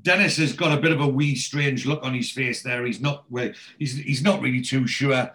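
A man's voice: mid-range voice, normal speed, a bit bright. A man hosting a podcast, casually retelling scenes and quoting lines, with frequent restarts. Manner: storytelling, reads out quotes, many restarts. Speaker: podcast host. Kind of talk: casual episode recap.

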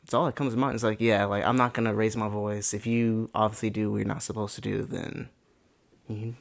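A man's voice: lowish voice, flat delivery, a little fast, vocal fry. A man in his twenties, a podcast co-host chatting casually and rambling, filling his talk with "like". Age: 20s. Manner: rambling, fills speech with "like". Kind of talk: casual chat.

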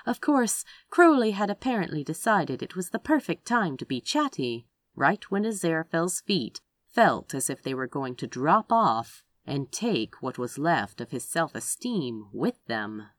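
A woman narrating a story aloud with an expressive reading. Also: low voice, unhurried, hardly any pauses, no room sound. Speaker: audiobook reader.

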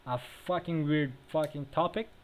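Over a remote call that keeps cutting in and out, a young podcast co-host swears constantly in crude, casual chat, joking and laughing at his own expense. His voice sits on the high side at a moderate pace, and the audio is poor.

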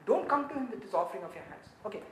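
A woman preaching a sermon in an animated way, building to shouts and laughing often as she reads and explains scripture. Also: mid-range voice, racing, slight background noise. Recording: roomy echo.

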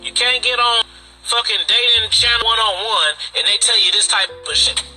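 A man's voice: sits high, steady tone, normal speed, sharp tone, soft background music, poor audio. A man hosting a casual podcast monologue, boastful and swaggering, with profane street slang. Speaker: podcast host. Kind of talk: casual live-stream monologue.

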